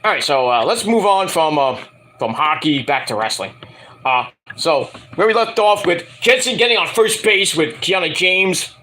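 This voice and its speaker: Casual male reviewer, bright and lively, profane and rambling. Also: on the high side, moderate pace, a little hiss or hum. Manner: profane, ranting, hesitant with fillers. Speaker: wrestling review vlogger.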